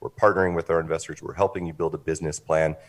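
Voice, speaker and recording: A man being interviewed as a guest, pitching his company in a confident way. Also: steady tone, racing. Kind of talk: interview answers.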